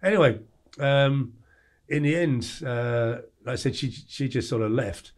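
A man in his forties from England, a podcast guest telling a story in a blunt, lively way and acting out the lines of others. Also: mid-range voice, a little slow. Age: 40s. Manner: blunt, animated storyteller who acts out quoted lines. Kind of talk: storytelling interview.

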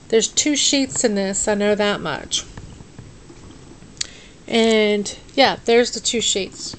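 A woman's voice: medium pitch, slight background noise, rough recording. Drowsy woman unboxing crafts at home. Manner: drowsy, sluggish and tongue-tied. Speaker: vlogger unboxing a craft package. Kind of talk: casual unboxing chat. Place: dim room at home.

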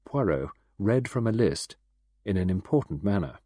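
A man narrating a mystery audiobook in an expressive, scripted delivery. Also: low-pitched, moderate pace, no room sound, clean studio sound.

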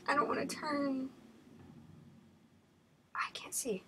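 Young woman gamer, slightly high voice, unhurried, jumpy, keeps whispering, horror playthrough. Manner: nervous, frightened, often drops to a whisper. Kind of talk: horror game commentary.

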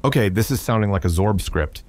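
A man's voice: lowish voice, lively intonation, brisk. A man voicing a confused male alien army commander who asks hesitant questions. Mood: baffled.

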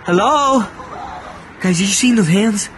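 A man's voice: high-pitched, expressive, unhurried. A man making a prank vlog outdoors in a park, jumpy and often whispering as he acts scared. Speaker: prank vlogger. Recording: loud outdoor noise.

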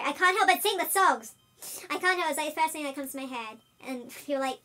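A gaming host chats through a let's-play in a high, squeaky chipmunk-filtered voice. The talk is excitable and quick to burst into shouts at the race. Loud game music plays steadily behind the voice. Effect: chipmunk pitch-shifted voice. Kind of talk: casual let's-play commentary.

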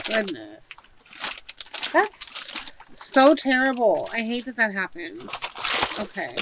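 A woman's voice: mid-range voice, very animated, takes it slowly, heavy background noise. A woman chatting casually while unboxing a shopping haul at home, gushing and thinking aloud as she unpacks. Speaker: haul vlogger.

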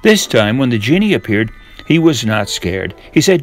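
An older man reading a fairy tale aloud to children in a gentle, measured way. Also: medium pitch, very animated, soft background music. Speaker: storyteller.

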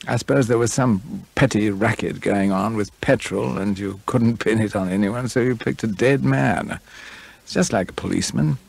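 A man's voice: on the low side, normal speed, vocal fry, slightly rough, dry recording. A man voicing a hot-tempered, drunken male writer who blusters and grows indignant in a spoken storybook reading. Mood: scornful. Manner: blustering, indignant, rising to shouts.

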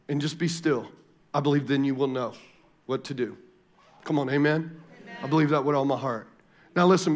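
A male pastor preaching a sermon, animated and joking with the congregation, asking for call-and-response, then dropping to quiet prayerful passages. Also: high voice. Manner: animated, calls for audience response.

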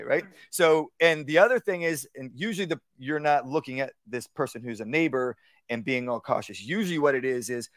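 A man's voice: brisk, no room sound. Man teaching dog training, dry sound. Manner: conversational, acts out commands in a low calm voice. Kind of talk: live workshop talk. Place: outdoor workshop.

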